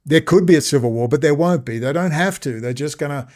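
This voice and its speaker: A man's voice: on the high side, fast, a little mellow. A man ranting sarcastically in a rambling video commentary.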